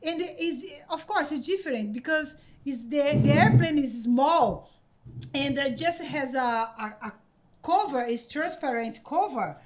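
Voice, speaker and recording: Woman, high voice, excitable, stumbling over words, podcast guest storytelling. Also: a little hiss or hum. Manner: excited, laughing, halting with many repeated words. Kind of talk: casual storytelling. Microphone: podcast microphone.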